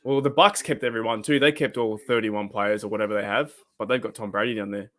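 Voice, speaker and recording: An Australian man hosts a live-stream reaction, chatting in a rambling, animated way and swearing freely. His voice sits on the low side and his pace is quick.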